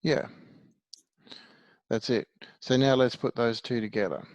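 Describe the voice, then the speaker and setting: A man's voice: medium pitch, a little slow, a little mellow, no echo, dull audio. A man teaching a one-to-one music lesson, patiently explaining things step by step.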